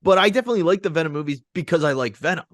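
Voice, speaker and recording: Animated man in casual podcast chat. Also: fairly high pitch, very fast, no room sound, clean studio sound. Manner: animated, emphatic, swears freely. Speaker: podcast co-host.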